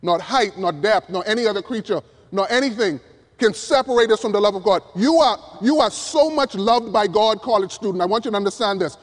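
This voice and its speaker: A male preacher delivering an emphatic sermon from the pulpit, swinging from loud appeals down to hushed words. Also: high voice, animated, normal speed. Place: church pulpit. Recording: long reverb of a large hall.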